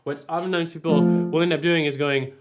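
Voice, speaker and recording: A man's voice: on the high side, fairly even intonation, brisk, over loud music. A man teaching singing technique in a casual, step-by-step way, now and then singing vowels to show the sound. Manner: friendly, explains step by step, breaks into sung vowel demos. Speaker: vocal coach. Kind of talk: casual singing lesson with sung demonstrations.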